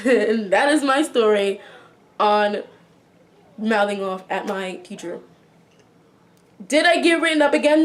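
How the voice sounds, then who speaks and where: A young woman vlogger recounts a school drama to her viewers in a casual, chatty storytime. Her voice sits slightly high, and she acts out what everyone said with lively asides. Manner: chatty, animated retelling with acted-out quotes. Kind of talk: storytime vlog.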